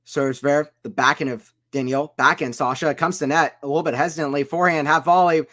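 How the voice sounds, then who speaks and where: A man giving casual play-by-play commentary on a tennis watchalong stream, chatting with viewers between points and getting loud on big shots. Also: on the high side, fairly even intonation, brisk. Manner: chatty, reads chat aloud between points.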